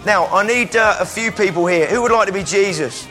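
A man preaching an energetic sermon in church, calling volunteers up and sometimes breaking into shouts. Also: sits high, fairly quick, faint music behind. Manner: energetic, calls out to the crowd, bursts into shouts.

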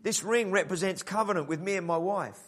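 A man preaching a sermon in an animated style, acting out the voices in the story. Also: high-pitched, a little fast. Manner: animated preaching, acts out the father's voice. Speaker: pastor.

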